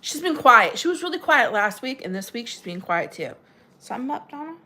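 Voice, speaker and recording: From her New Jersey home, a woman hosts a casual livestream, reading comments and laughing often, her voice jumping up whenever she greets viewers. Her pitch is fairly high and swings widely, her pace brisk, and her tone pushed and bright over slight background noise.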